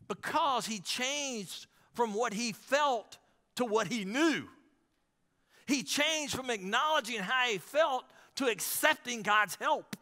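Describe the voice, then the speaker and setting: A man's voice: very high voice, pushed and bright, in a large hall. A man pastor preaching a sermon in a conversational way, calling out to the congregation.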